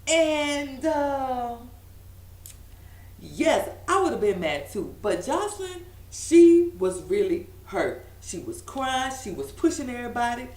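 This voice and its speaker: Animated woman gossiping in a roomy space. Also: high-pitched, slow, far from the mic. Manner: animated, gossipy, laughing asides, acts out quotes. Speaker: reality TV recap vlogger. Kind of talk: casual recap chat. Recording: roomy echo, a bit off-mic.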